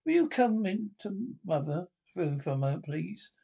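A man's voice: high voice, big pitch swings, normal speed, creaky, warm tone, slightly rough, heavily acted. A nervous young stepmother, read by a man from an old radio play script. He lifts his voice slightly for her lines. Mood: anxious. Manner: reads stage directions aloud before lines. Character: anxious young wife and stepmother.

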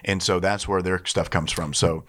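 A man co-hosting a casual podcast, telling stories in an animated way and often laughing. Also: sits low, moderate pace. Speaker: podcast co-host.

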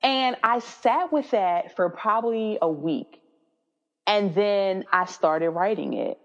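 Thirtysomething woman telling a story, lively, jumps way up when she quotes people, muffled audio. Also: takes it slowly. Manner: animated, quoting herself with high-pitched voices. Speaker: guest. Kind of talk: casual storytelling. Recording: dull audio with long reverb.

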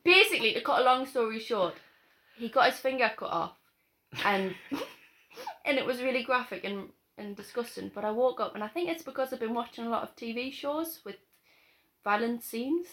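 A woman's voice: fairly high pitch, animated, normal speed, bright, forceful tone. A woman with a Geordie accent, co-hosting a podcast in casual, giggly, rambling chat. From Gateshead, North East England. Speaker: podcast co-host.

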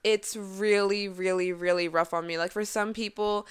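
A woman's voice: medium pitch, steady tone, normal speed, clear, resonant tone. A young woman vlogger giving earnest, chatty life advice, with lots of fillers. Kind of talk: casual heartfelt advice vlog.

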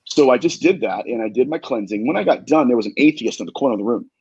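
A man, a demonologist guest, tells an earnest, emphatic story in a husky voice and often repeats himself. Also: medium pitch, animated, fast talker, a little mellow, dry recording, highs cut off. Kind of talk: animated storytelling.

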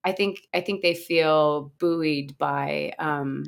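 A woman from the United States, a guest on a podcast, telling lively stories in casual conversation and laughing often. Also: sits low, slow pace, creaky. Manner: animated storyteller, laughs often. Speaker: guest, activist.

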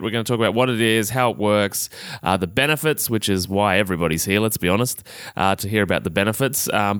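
A man's voice: on the low side, a bit bright, clean tone, no room sound, studio quality. A young Australian man hosting a solo health podcast, talking in a chatty, upbeat and self-amused way with plenty of fillers. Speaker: podcast host.

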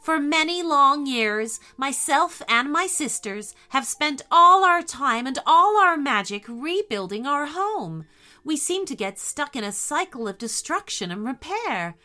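A woman's voice: sits high, big pitch swings, unhurried, bright, forceful tone, voice pushed up, heavily acted. A woman doing a weary, determined snow witch. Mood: earnest.

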